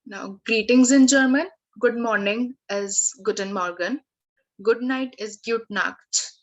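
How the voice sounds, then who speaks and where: A woman tutor teaching at a slow, deliberate pace. She reads through word lists carefully, pausing on fillers and restarting her phrases. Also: a little high, dull audio. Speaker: language tutor. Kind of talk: online lesson, reading word lists.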